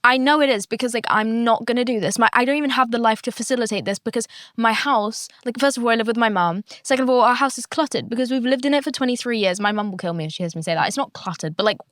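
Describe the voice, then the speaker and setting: A woman's voice: a little high, fast, hardly any pauses, a bit bright, no echo. Candid, chatty young woman. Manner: candid, chatty, swears freely. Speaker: podcast host. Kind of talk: casual solo podcast chat.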